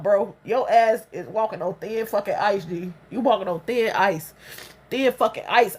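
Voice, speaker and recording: A young adult woman speaks in a high register, delivering a raw, emotional venting monologue. She is blunt and profane and circles back to repeat her points. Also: normal speed, slightly rough. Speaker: vlogger.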